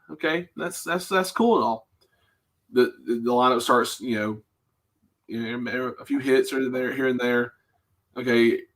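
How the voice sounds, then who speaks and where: A man's voice: mid-range voice, a bit bright. Fired-up male sports talk co-host. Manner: fired-up ranting, rattles off stats. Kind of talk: casual sports talk show.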